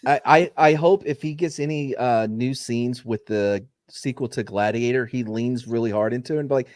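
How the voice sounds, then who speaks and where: A man's voice: medium pitch, normal speed, hardly any pauses, a little mellow, no room sound, studio quality. A man chatting casually on a podcast panel, rambling with restarts. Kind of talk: casual chat.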